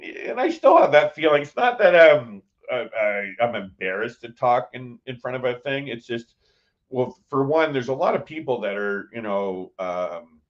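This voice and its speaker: A man's voice: fairly low pitch, muffled recording. A man live-streaming a casual chat from a cruise ship, rambling with lots of fillers and restarts. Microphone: phone.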